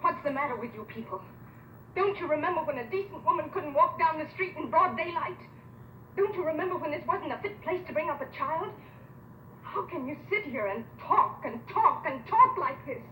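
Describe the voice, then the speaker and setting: A woman's voice: high voice, expressive, normal speed, bright, forceful tone, slight background noise. An actress playing a tearful, distraught woman who pleads with townsfolk. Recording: distant, echoey old film sound.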